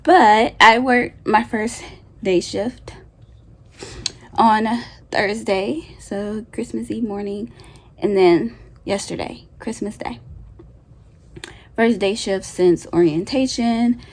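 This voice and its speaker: A woman's voice: medium pitch, slow pace, long pauses. Young woman vlogger, casual and emotional, mid-range voice, lots of "like". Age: young adult. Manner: chatty, emotional, frequent "like" fillers. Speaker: new grad nurse vlogger. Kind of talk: casual storytime vlog.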